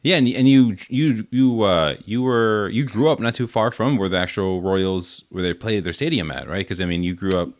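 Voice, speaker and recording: Male podcast host, relaxed, casual questions, lowish voice. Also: moderate pace, few pauses. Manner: relaxed, short affirming replies.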